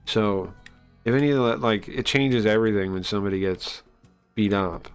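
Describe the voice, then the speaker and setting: Rambling male streamer, low-key. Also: moderate pace, clean tone, soft background music. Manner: rambling, explanatory, many fillers. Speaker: streamer reading a comic aloud. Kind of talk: casual live-stream commentary.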